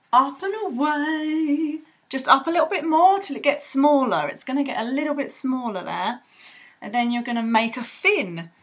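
A young woman teaching children to draw in a bubbly, rambling way with playful sound effects. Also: fairly high pitch. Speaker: art tutor. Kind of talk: drawing tutorial for children.

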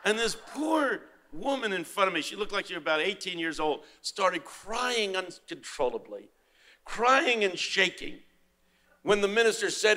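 An older man preaching a sermon, moving from quiet storytelling to loud, emphatic proclaiming. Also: sits high, sing-song, unhurried. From United States.

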